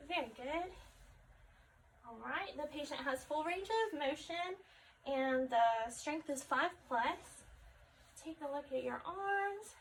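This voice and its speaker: A woman conducting a step-by-step health assessment, calmly asking questions and repeating the answers back. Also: sits high, slow pace. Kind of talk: clinical health assessment demonstration. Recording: distant mic with faint background noise.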